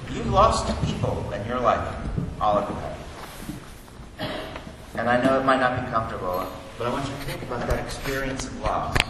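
A man in his thirties preaching a sermon as pastor, conversational, moving between soft, slow confiding and loud, urgent emphasis. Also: medium pitch. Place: church sanctuary. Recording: echoey hall, distant mic, audible room noise.

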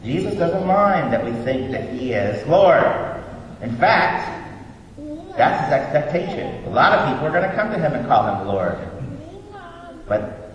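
A man preaching a sermon in a church, animated and joking at his own expense. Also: medium pitch. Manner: animated, joking, self-deprecating. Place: church sanctuary. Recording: echoey hall from far off, faint noise.

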